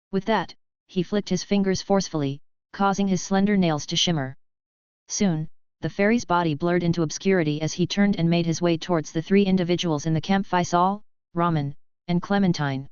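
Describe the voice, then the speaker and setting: Reading from a script, a woman narrates a fantasy audiobook at a moderate, even, steady pace in a smooth, slightly low voice. There's no echo, and the audio sounds dry and dull with some lo-fi quality.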